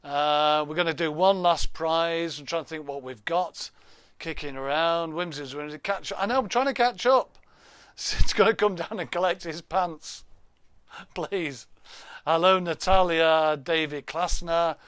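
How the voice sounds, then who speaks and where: A man's voice: a little high, steady tone, slow, a bit bright, smooth, no echo. Chatty man hosting a live stream. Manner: chatty, jokey, reads out viewer names, laughs often. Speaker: livestream host. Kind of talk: casual live stream chat. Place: home room. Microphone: laptop webcam.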